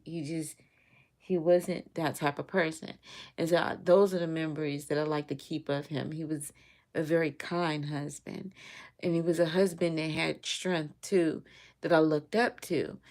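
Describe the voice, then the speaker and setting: A woman's voice: low-pitched, a little mellow. A woman talking earnestly in a casual vlog, rambling with fillers and restarts and speaking in religious phrases. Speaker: vlogger. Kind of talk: casual heartfelt monologue.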